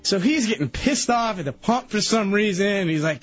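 A man on a radio show telling a rambling, excitable story, restarting his sentences a lot. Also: high voice, moderate pace, faint music behind. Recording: dull lo-fi radio broadcast.

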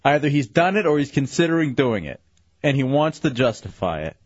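A man's voice: medium pitch, very animated, fairly quick, slightly rough, no room sound. A man co-hosting a radio show in playful casual chat, reading out listener messages. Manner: playful, laughing. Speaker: radio host. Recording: dull, dry lo-fi radio recording.

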